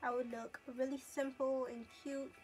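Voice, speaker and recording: A woman's voice: high-pitched, little pitch movement, moderate pace, darkish tone, soft background music. A teenage girl talking through a makeup tutorial in a chatty, casual way, narrating each step as she goes. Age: teens. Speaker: beauty vlogger.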